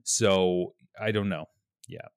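Young dude, lowish voice, podcast banter, lots of laughing, dead dry sound. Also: male voice, steady tone, slow pace, no echo. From outside the United States. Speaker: podcast co-host. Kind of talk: casual banter.

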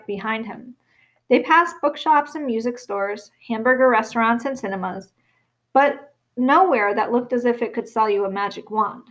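A woman reading a storybook aloud in a steady, expressive narration. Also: on the high side, poor audio. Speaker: audiobook reader.

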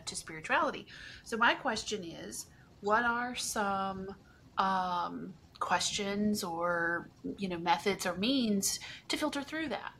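A woman co-host in a casual chat, reading a listener's comment and asking questions slowly and with care. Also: medium pitch, a bit bright, a little hiss or hum.

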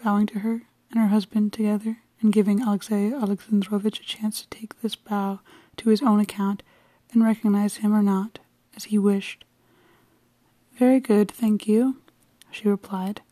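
A woman reading a classic novel aloud in a soft, often half-whispered, unhurried way. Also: mid-range voice, level tone, no echo. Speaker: reader.

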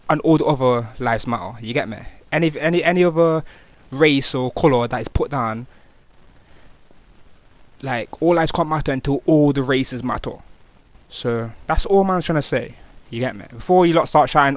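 In a mid-range voice at a moderate pace, a young man from Nottingham in England's East Midlands shares a casual personal testimony. His street-slang delivery is peppered with fillers and restarts, and there's no echo.

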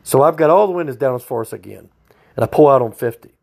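A man's voice: mid-range voice, expressive, fast talker, gravelly, a little mellow. A man, a state trooper telling a story in a blunt, profane, folksy way. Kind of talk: casual storytelling.

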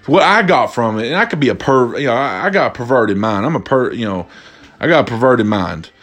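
A man hosting a casual, comedic talk, reading out viewer submissions and reacting with loud, profane amusement. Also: mid-range voice, fairly quick. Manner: animated, laughing, profane, cracks up. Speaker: host.

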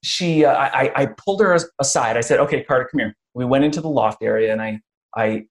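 A man hosting a casual interview who tells stories with energy. He slips into other people's voices as he retells what they said, with quick restarts and plenty of "you know.". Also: mid-range voice. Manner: animated storyteller, acts out quotes. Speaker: podcast host.

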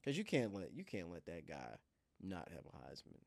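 A man co-hosting a sports podcast, playful and animated, repeating lines for emphasis. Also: deep voice, normal speed, no room sound. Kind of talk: casual sports chat.

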